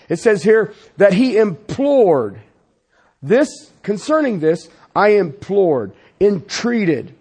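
A man preaching a sermon as pastor, swinging from loud insistence to hushed, pleading passages. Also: high-pitched, big pitch swings, slow pace, breathy edge.

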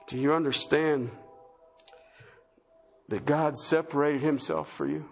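Before his congregation at a church service, a pastor delivers an impassioned sermon, hammering his points with repeated, emphatic questions. His voice is a little high yet gravelly and husky, slow and steady in tone. Soft music plays underneath.

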